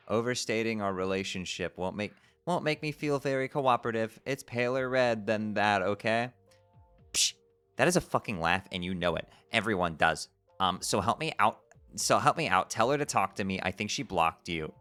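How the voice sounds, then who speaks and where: A man on a casual live stream reads a webcomic aloud in a fairly low voice with a forceful, bright edge. He trips over made-up words and swears freely. He drops out of the text to laugh and joke about what he is reading. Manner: breaks off reading to laugh and comment.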